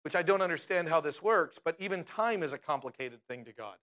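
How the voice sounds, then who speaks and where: A man's voice: on the high side, animated, a little fast, a bit bright. A middle-aged man preaching a sermon in a conversational way, often asking his listeners questions and tagging lines with "right?". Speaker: pastor.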